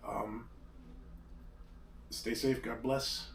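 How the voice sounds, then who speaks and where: A man's voice: medium pitch, level tone, extremely slow, gravelly. Male host, rambling casual talker, sits back from the mic in a roomy space. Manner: rambling, hesitant, restarts often. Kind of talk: casual chat. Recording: roomy echo, distant mic, faint background hum.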